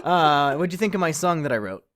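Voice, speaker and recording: A man's voice: a little high, lively intonation, brisk, fairly bright tone. A man co-hosting a podcast, joking and teasing in casual chat. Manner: joking, sings a mock theme song. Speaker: podcast co-host.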